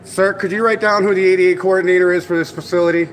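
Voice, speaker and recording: A man with a notably high voice presses officials on camera, insistent and needling behind his polite formality. He keeps repeating his demands. Faint music hums in the background. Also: fairly even intonation, fast. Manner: sarcastic, needling. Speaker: activist filming an encounter with officials. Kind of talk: confrontational filmed exchange.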